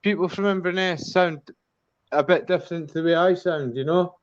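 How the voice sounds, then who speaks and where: A man in his thirties from the Scottish Highlands with a Highland accent, a guest on an online chat who talks hesitantly and restarts his sentences. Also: moderate pace, no room sound. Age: 30s. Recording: dry, dull lo-fi call audio.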